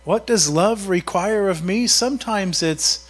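A man's voice: high-pitched, measured pace. A man preaching a sermon in a conversational way, often asking his congregation questions. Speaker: pastor.

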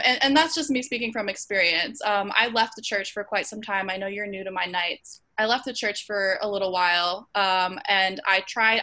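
A woman's voice: medium pitch, pushed and bright. A woman hosting an online Bible study over a video call, speaking earnestly with frequent ums and restarts. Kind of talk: casual group discussion.

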